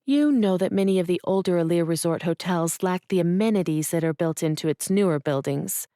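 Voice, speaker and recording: A woman's voice: on the low side, fairly quick, mellow, no room sound, studio quality, close to an everyday voice. A woman narrator voicing an earnest young businesswoman, speaking formally and eagerly with a touch of nerves. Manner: eager, formal, a little nervous.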